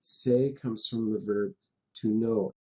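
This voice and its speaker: This middle-aged teacher from western Canada has a fairly low, darkish voice and a slow pace. Holding class in a virtual world, he explains things patiently and chattily, with the odd laugh.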